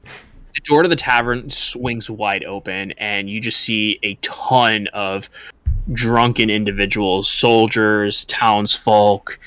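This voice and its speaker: A man acting as game master, narrating a tabletop game with lots of fillers. His voice is a little low but very bright and forward. The recording is dry and close-miked. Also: steady tone, slow, clear, resonant tone, dry recording. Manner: descriptive, filler-heavy narration with many "like"s.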